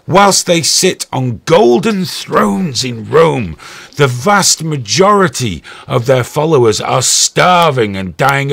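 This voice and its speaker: A man's voice: mid-range voice, creaky, sharp tone. A man hosting a stream with angry, profane, sarcastic ranting commentary. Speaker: host.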